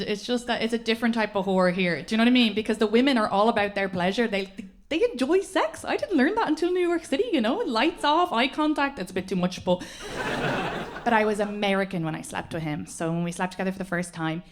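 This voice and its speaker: An Irish woman in her thirties performing a stand-up comedy set, telling stories quickly and animatedly, often laughing along. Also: mid-range voice. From Ireland. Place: comedy club stage with an audience. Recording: live stage mic with audible audience laughter.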